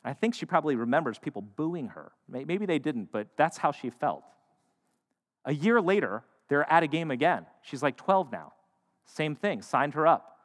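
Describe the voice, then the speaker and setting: A man preaching a sermon, shifting between loud emphatic lines and hushed, quiet ones. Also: on the high side, very animated, normal speed. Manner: dynamic, swings from loud to hushed. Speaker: pastor. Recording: long hall reverb.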